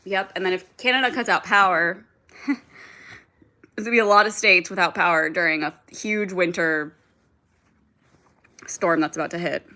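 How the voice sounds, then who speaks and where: Bright-voiced young woman ranting casually on a livestream. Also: lowish voice, normal speed, pauses often. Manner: rambling, heavy filler "like", frequent swearing, reads and answers chat. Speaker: livestream host.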